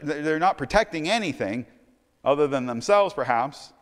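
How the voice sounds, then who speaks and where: A male pastor preaching a sermon, swinging between loud emphatic stretches and quiet low asides, often repeating words as he starts a sentence. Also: moderate pace, in a large hall.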